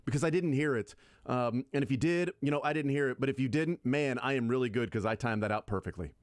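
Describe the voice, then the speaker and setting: A man co-hosting sports radio, teasing his co-host in a dry, deadpan way during casual studio banter. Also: mid-range voice, quick pace, dry recording. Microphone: close studio microphone.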